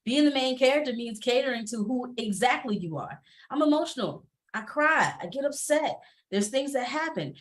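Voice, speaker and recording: A woman's voice: high voice, lively intonation, normal speed. A woman who coaches entrepreneurs, speaking candidly and emphatically on a panel over a video call, laughing often.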